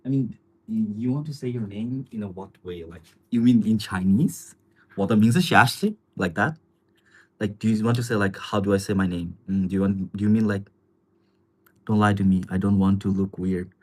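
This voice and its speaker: Low husky man chatting on a livestream. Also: a little fast. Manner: relaxed, rambling, chuckles often, many fillers. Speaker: livestream host. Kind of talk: casual live chat answering viewer comments.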